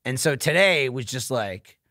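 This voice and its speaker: A man co-hosting a podcast in casual comedic banter, telling stories animatedly and acting out others with sudden loud outbursts. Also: mid-range voice, animated, a little slow, no room sound, studio quality. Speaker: podcast co-host.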